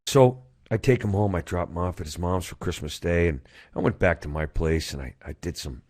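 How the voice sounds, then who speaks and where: A fairly low-pitched man speaking on a video call, telling a personal story to a conference audience. His words come in rapid-fire bursts, and he often stumbles and restarts partway through a thought. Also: darkish tone. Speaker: recovery speaker.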